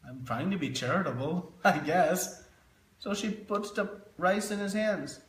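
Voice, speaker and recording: A man's voice: high voice, lively intonation, measured pace, a bit bright. A man teaching a devotional scripture class, telling stories to illustrate his points. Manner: storytelling, illustrative. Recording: roomy echo.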